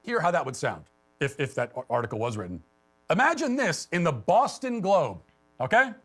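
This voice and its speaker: A man giving sarcastic, deliberate political commentary, reading an article aloud. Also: a little high, sing-song, a bit bright. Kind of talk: scripted commentary.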